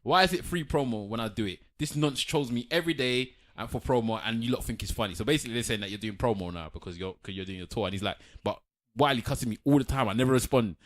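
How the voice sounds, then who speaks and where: A man's voice: medium pitch, fast talker, hardly any pauses. A man co-hosting a podcast, chatting casually and retelling stories with quotes. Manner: animated storytelling, reads out quotes. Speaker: podcast co-host. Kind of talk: casual chat.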